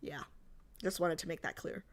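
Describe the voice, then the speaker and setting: A woman's voice: low-pitched, moderate pace. A woman streamer in casual livestream chat, joking and reading out and answering her chat. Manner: chatty, jokey, reads and answers chat aloud.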